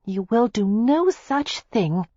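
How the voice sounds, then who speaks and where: A woman's voice: mid-range voice, big pitch swings, moderate pace, a little mellow, breathy edge, no echo, pitched above the performer's own voice. A reader voicing a spirited, playful young woman in an audiobook, breathless and teasing. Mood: urgent. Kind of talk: audiobook character voice. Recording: dull lo-fi dry recording.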